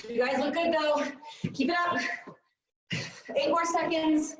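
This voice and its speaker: Woman fitness coach, breathless and upbeat, slow unhurried cueing; dull, distant recording in an echoey studio. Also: high-pitched, fairly even intonation. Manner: upbeat cueing with countdowns and whoops. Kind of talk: live workout instruction.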